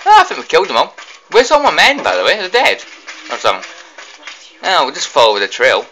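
A young man giving excitable let's play commentary, blurting reactions and mild swearing as he fights. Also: fairly high pitch, fairly quick, low-quality recording. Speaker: gaming commentator.

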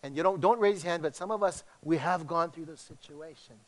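A middle-aged male pastor from Hawaii with a slight tinge, preaching in an animated, conversational way with many restarts. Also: fairly high pitch, brisk. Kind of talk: sermon.

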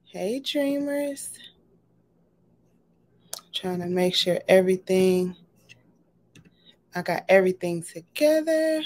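A woman's voice: on the low side, lively intonation, a little slow, long pauses, a little mellow. A woman hosting a casual livestream, bubbly and greeting her viewers one by one. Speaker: livestream host.

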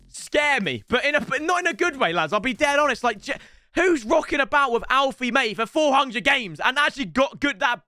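A young man talking casually about a football video game, with a high, bright voice that leaps all over the place. He swears freely and breaks into sudden loud yells. The sound is dry and close, with faint music behind him. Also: clear, resonant tone, dry recording. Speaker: FIFA YouTuber rating viewer teams. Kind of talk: casual gaming commentary.

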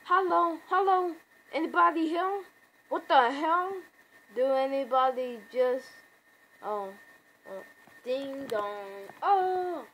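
A man's voice: very high-pitched, animated, extremely slow, exaggerated voice, rough recording. A guy doing a frantic, panicked zombie survivor. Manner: yelling frantic questions. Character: panicked man waking among zombies.

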